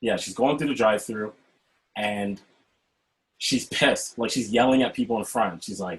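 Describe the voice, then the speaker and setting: A man hosting a casual talk over a video call, speaking in an animated way and often checking in with "right?". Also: fairly low pitch, normal speed, rough recording. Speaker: host. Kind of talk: casual chat.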